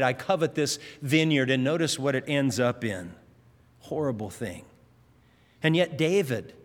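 A man's voice: fairly bright tone, big-room sound. A man preaching a sermon, telling Bible stories and briefly acting out the characters' lines as he goes. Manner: storytelling, acts out quoted lines with rising pitch.

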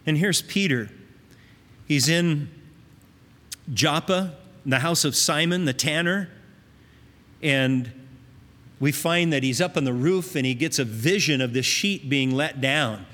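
A man's voice: a little high, unhurried, long pauses, fairly bright tone, in a large hall. A man preaching a sermon, teaching in an earnest, conversational way with emphatic rises.

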